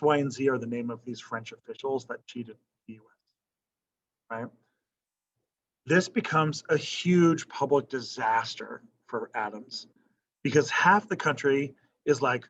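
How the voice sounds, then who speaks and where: A man teaches a history class in a loose, conversational lecture. He keeps tossing questions to the room and tagging his points with "right?". His voice sits at an ordinary male pitch, and the classroom recording sounds slightly dull and lo-fi.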